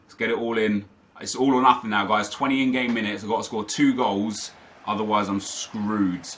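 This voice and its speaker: A man's voice: fairly low pitch, fairly even intonation, moderate pace, a bit bright, a little hiss or hum. A young man commentating live over his own gameplay, ranting in frustration to his viewers. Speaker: gaming YouTuber.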